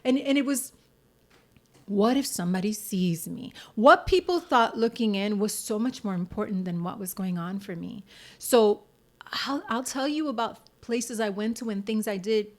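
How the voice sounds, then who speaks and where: A woman's voice: mid-range voice, normal speed. An American woman, a singer-songwriter and actress, telling her story candidly in a casual interview and acting out the voices of people she quotes.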